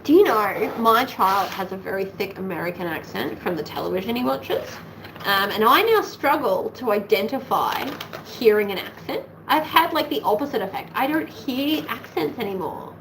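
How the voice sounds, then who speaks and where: A woman's voice: medium pitch, big pitch swings, normal speed, a bit bright, slight background noise, low-quality recording. Chatty Australian woman thinking aloud. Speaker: sewing livestream host. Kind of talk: casual livestream chat while sewing. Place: home sewing room.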